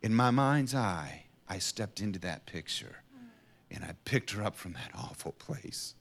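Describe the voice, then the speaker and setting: A middle-aged man earnestly telling a personal faith testimony in an interview, dropping to a hush and then rising to emphatic passages. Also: on the low side, sing-song, measured pace, gravelly, a little hiss or hum. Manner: earnest storyteller, swings from hushed to emphatic. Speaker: guest sharing a personal testimony.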